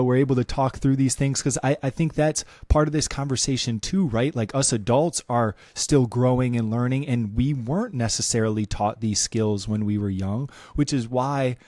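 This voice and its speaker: A man's voice: mid-range voice, darkish tone, no room sound, clean studio sound. A man in his thirties hosting a podcast, speaking reflectively and thinking aloud with restarts and fillers. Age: 30s. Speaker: podcast host. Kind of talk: casual podcast conversation.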